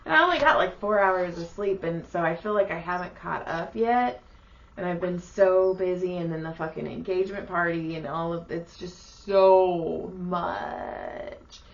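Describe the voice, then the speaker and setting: Profane, animated woman telling stories. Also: lowish voice, unhurried, gravelly, lo-fi sound. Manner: animated, profane, acts out quoted people. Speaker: podcast co-host. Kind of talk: casual storytelling chat.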